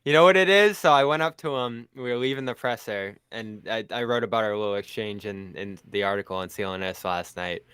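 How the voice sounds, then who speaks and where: A man with a Boston accent talking casually as a panelist on a basketball postgame show, chatty and quick to laugh. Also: on the low side, fairly bright tone, clean tone, no room sound. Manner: chatty, laughs often, tells anecdotes. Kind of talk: casual sports chat.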